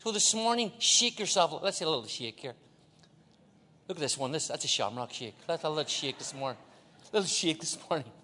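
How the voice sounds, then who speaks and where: A man's voice: a little high, lively intonation, a little fast, pushed and bright. A man from Ireland preaching a sermon as a guest in a large church, joking with the crowd and leading call-and-response. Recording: long hall reverb.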